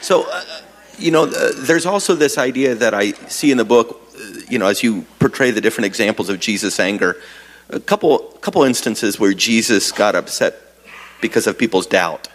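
A man's voice: lowish voice, expressive, big-room sound, low-quality recording. A man, a pastor, interviewing a guest on stage at a church service, searching for words with many fillers. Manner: halting, many fillers, friendly. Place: church sanctuary with congregation.

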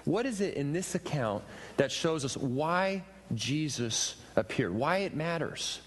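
Expressive male preacher in a reverberant hall. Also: a little high, unhurried. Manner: expressive preaching with rising emphatic questions. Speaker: pastor. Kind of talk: sermon. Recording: reverberant hall with faint ambient noise.

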